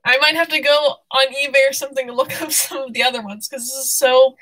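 A young woman hosting a casual live stream, bubbly and excitable, out of breath and laughing often. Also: sits high, quick pace, poor audio.

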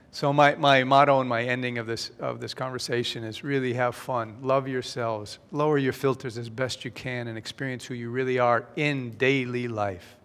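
Man, conference speaker, playful storyteller, mid pitch, hall reverb. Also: fairly even intonation, moderate pace, fairly bright tone. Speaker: speaker presenting his book. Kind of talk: conference talk with a joke.

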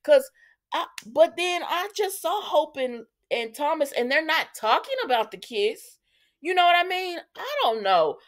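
A woman hosting a casual soap opera recap, chatting to her viewers in an animated, storytelling way. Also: high voice, measured pace. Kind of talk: casual commentary.

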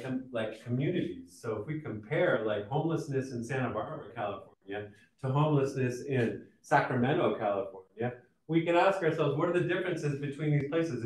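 Male lecturer, conversational with fillers and restarts, mid pitch, roomy sound, mic set back. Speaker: sociology lecturer. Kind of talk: recorded college lecture. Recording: echoey room, mic at a distance.

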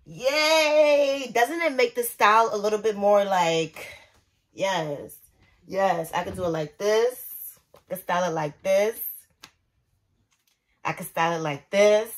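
A young woman talks straight to her viewers, slangy and chatty, while she does her hair at home. Her voice is husky and a little breathy, at an ordinary pitch. She is filming herself on a phone propped up nearby. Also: measured pace, pauses often. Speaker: beauty vlogger. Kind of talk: casual chat while doing her hair.

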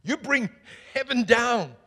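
A man preaching a sermon as pastor, swinging from booming calls to hushed asides and asking the crowd questions. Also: animated, takes it slowly, slightly rough. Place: church hall. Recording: echoey church hall.

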